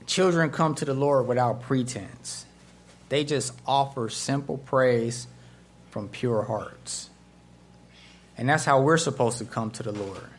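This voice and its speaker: In a slow, mid-range voice, a man preaches a storytelling sermon as pastor, animatedly acting out the voices of the people he describes. Slight background noise can be heard.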